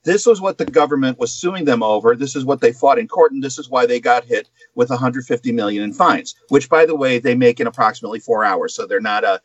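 A man co-hosting a chatty podcast, walking through a news story with plenty of asides. His voice sits at a middle pitch, recorded dry and close on a slightly muffled mic. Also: fast, hardly any pauses, no room sound. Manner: explanatory, with asides and filler. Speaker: guest co-host. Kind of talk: casual podcast chat.

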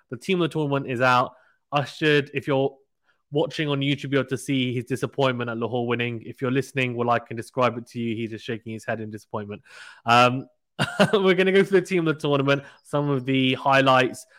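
Guy hosting a cricket podcast, chatty, teasing, mid pitch, dead dry mic. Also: steady tone, fairly quick, a bit bright, no room sound. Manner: chatty, teasing, laughs often. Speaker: podcast host. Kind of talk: casual cricket podcast chat.

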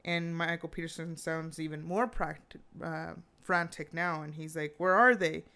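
A woman chatting casually, retelling a true-crime story with animated quoted lines and frequent fillers. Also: low voice, a little slow, clean tone.

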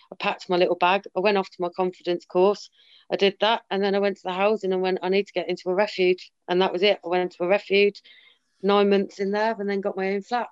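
A woman's voice: medium pitch, steady tone, fairly quick, clear, resonant tone. A woman talking candidly in a casual chat, emphatic and often quoting herself and others. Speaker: guest sharing her story. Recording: slightly dull lo-fi sound.

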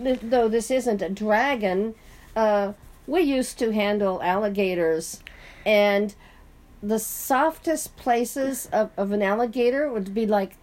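A woman co-hosting a casual book discussion, thinking aloud with pauses and fillers. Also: medium pitch, a little mellow.

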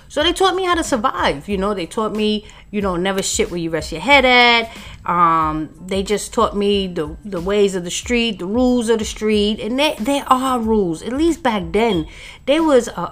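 A woman's voice: mid-range voice, a bit bright. A middle-aged woman from New York telling her life story on her own show in a blunt, profane, streetwise way. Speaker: podcast host. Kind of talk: casual personal storytelling.

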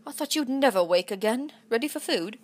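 A woman with a put-on English accent voicing a young farm girl who answers briefly and softly. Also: a little high, expressive, a little fast. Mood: gentle. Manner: quiet, brief replies, at times whispered. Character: brave young farm girl, loyal sister.

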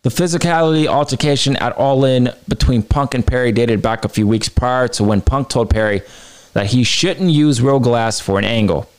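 A man hosting a wrestling podcast launches into a heated, profane opinion rant, dropping to low mutters one moment and high outbursts the next. He talks at normal speed, and the tone is clean.

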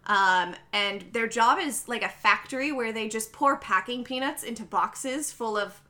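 A woman's voice: fairly high pitch, a little slow. A woman on a podcast, casually recapping a film scene by scene and acting out the characters' lines. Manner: animated storytelling, acts out the characters' lines. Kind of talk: casual chat.

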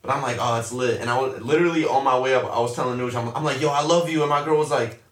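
A young man talks casually and curses freely, spinning an animated, slangy story with his friends. His voice sits mid-range. It comes through a roomy space, a little off the mic. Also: mid-range voice, racing. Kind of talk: casual chat. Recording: roomy echo, a bit far from the mic.

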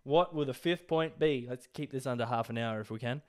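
A young Australian man hosts a relaxed one-man podcast in a clean, slightly mellow, medium-pitched voice, talking a little fast. He swears and meanders with lots of filler words, and the occasional cough shows he's still recovering from being sick.

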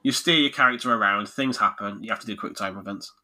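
A podcast host with a low-leaning voice talks quickly and casually as he reviews video games. He's animated and jokey, laughing a lot throughout the chat.

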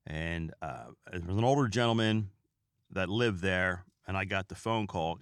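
A podcast host with a fairly low male voice tells stories in a loose, rambling way, stopping often to talk straight to his listeners. The recording is dry and close, with almost no room sound. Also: lively intonation, moderate pace, clear, resonant tone, no echo. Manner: rambling, chatty, with asides to listeners. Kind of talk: casual comedic storytelling.

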